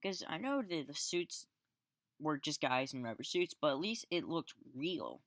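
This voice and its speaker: A man's voice: a little high, very animated, measured pace, fairly bright tone, no room sound. Rambling man reviewing a film, dry sound. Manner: rambling, frequent restarts and fillers; exasperated, sarcastic asides. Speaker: movie reviewer. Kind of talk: casual spoken film review.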